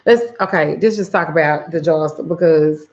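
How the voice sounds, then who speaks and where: A woman's voice: low voice, moderate pace, darkish tone, lo-fi sound. Profane, exasperated woman telling a story. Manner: reads viewer names aloud. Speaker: spiritual reader and root worker. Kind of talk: casual livestream storytelling.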